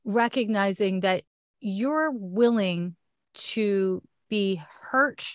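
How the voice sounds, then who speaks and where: A woman's voice: medium pitch, very slow, no room sound, studio quality. A woman with a Canadian accent giving a frank, chatty astrology reading in a casual one-on-one talk. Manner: chatty, frank, laughs often.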